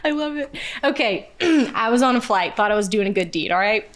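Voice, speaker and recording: A young actress telling funny stories as an interview guest, lively and self-mocking, dropping to a hush for the punchlines. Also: female voice, medium pitch, brisk. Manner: lively, self-deprecating, drops to a hushed voice for punchlines. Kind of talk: animated storytelling in casual chat.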